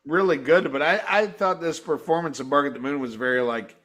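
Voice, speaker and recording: A man with a high-pitched voice hosts a loose review chat, swearing hard and getting worked up. He talks in bursts of excitement and disbelief. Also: a little fast. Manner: profane, excitable, mimics guitar sounds. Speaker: show host. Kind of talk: casual live-stream review chat.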